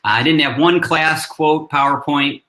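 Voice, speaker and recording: A man in his fifties, a learning consultant guest, talking casually with chuckles and halting restarts. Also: on the high side, sharp tone. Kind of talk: casual interview talk.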